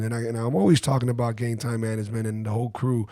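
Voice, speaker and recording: Male podcast host, lively storyteller, mid pitch, dry booth sound. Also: rapid-fire, hardly any pauses, dry recording. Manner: animated, swearing, mimics texts. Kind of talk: casual chat, storytelling.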